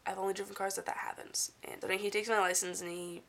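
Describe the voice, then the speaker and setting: A young woman chatting casually to the camera from her dorm room, telling a story in a bubbly, animated way. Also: medium pitch, fast talker. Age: young adult. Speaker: vlogger.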